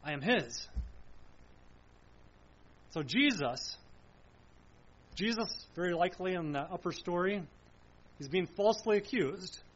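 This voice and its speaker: A man's voice: sits high, lively intonation, measured pace, long pauses, lo-fi sound. A man preaching a sermon in a solemn, emphatic way, repeating phrases and asking rhetorical questions.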